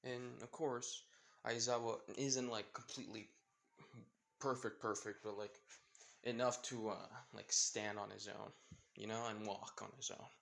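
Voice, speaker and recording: A young man improvising a fan fiction story out loud, rambling with many fillers and self-corrections. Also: on the low side, steady tone, unhurried, vocal fry.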